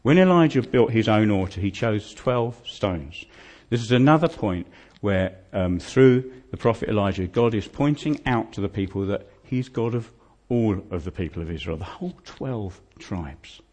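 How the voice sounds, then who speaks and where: A man's voice: lowish voice, animated, normal speed, darkish tone. Guy preaching a story sermon, chatty, keeps asking the room questions, voice jumps around a lot. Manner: vivid, conversational, asks listeners rhetorical questions. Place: church hall.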